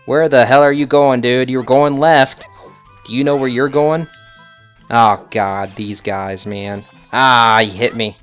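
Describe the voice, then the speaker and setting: A man playing a video game and commenting casually, joking sarcastically with loud bursts of mock outrage. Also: medium pitch, unhurried, clean tone, soft background music. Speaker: video game let's player.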